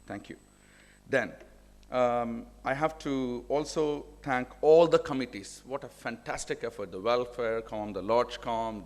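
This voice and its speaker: A man, a professor giving heartfelt thanks in a large hall. He halts, restarts and repeats words. The long reverb of the auditorium trails behind each phrase, and his pitch sits mid-range for a man. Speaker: finance professor. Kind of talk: emotional thank-you speech.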